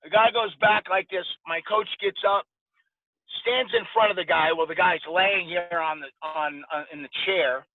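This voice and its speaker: A man in his forties, a podcast guest, casually telling lively stories and acting out the dialogue. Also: high voice, normal speed, dry recording. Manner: animated anecdote-telling with quoted dialogue. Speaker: podcast guest, former boxer. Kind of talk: casual storytelling interview. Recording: dry, tinny phone-like sound.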